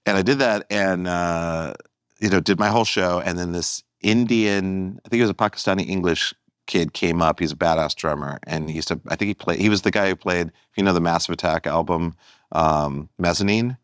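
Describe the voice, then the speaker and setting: A male guest comedian talking in casual conversation, rambling and animated with many restarts. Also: low-pitched, a little fast, smooth, no room sound, clean studio sound.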